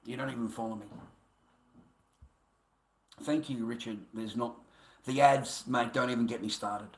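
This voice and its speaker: A man's voice: mid-range voice, moderate pace. Profane, ranting Australian man, echoey room. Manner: profane, combative, sneering. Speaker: livestreamer. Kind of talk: angry livestream rant.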